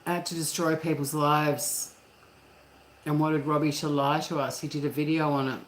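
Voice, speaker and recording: An Australian woman with a low voice talks casually to viewers from her kitchen, laughing easily and dropping the odd swear word. Her voice bounces around an echoey room. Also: steady tone, moderate pace, slight background noise. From Tasmania, Australia. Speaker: livestream host. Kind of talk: casual chat reading viewer comments. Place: home kitchen.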